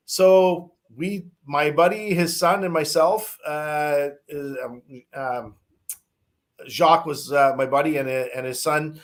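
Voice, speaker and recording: A man tells a long story in a loose, casual way. His voice sits fairly high, and he keeps restarting sentences, dropping in fillers and the odd swear word. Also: fairly bright tone.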